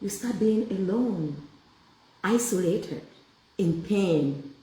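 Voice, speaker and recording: A woman's voice: mid-range voice, lively intonation, slow pace, background noise. A woman leading a faith group with sermon-style teaching. She fires rhetorical questions at her listeners and draws answers back from them. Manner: rhetorical questions and call-and-response. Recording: echoey room, voice far from the mic.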